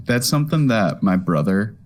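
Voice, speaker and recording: Young male co-host, lowish voice, excited casual chatter. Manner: excited, says "dude" a lot, laughs often. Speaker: podcast co-host. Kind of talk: casual chat.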